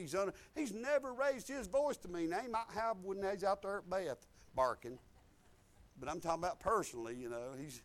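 Preacher guy in his 50s, pretty high voice, drops to mumbly asides then booms out. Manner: folksy storytelling, swinging from low asides to loud emphatic preaching. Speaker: pastor. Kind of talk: sermon.

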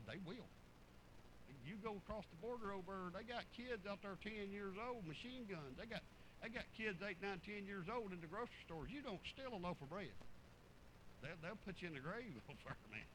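Man, middle-aged, informal sermon, animated storyteller, faint background hiss. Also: sits high, a little fast. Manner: animated storytelling, repeats words, acts out dialogue. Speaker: preacher. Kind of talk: informal sermon with personal stories.

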